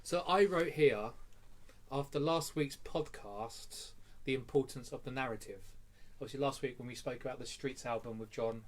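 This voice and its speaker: A man's voice: mid-range voice, normal speed. A man co-hosting a casual music podcast, throwing in dry jokes. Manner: dry, joking interjections. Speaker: podcast co-host. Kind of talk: casual chat.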